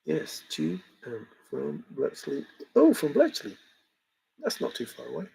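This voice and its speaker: On a low-quality recording, a livestream host chats in a rambling, casual way and chuckles at viewers' comments as he reads them. His voice sits on the high side with huge pitch swings, unhurried, gravelly, and dark, with a breathy edge.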